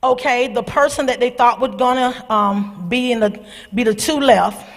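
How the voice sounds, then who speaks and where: A middle-aged woman, husky-voiced, telling a personal testimony to young people in a church, animated and calling out to her listeners. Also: fairly high pitch, normal speed. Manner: animated storytelling, calls out to the audience. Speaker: speaker at a church youth service. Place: church sanctuary. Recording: long hall reverb.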